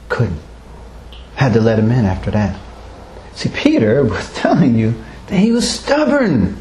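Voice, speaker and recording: A man's voice: mid-range voice, huge pitch swings, measured pace, long pauses, darkish tone. A man leading a Bible study, asking the group questions and chuckling often as he explains. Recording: roomy echo, faint background noise.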